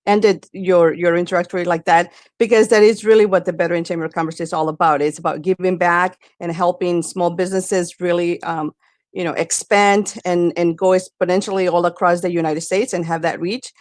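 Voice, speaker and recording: A woman's voice: on the low side, fairly even intonation, brisk, a little mellow, no room sound. A woman hosting a radio interview, asking long, meandering questions full of fillers. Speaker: radio host.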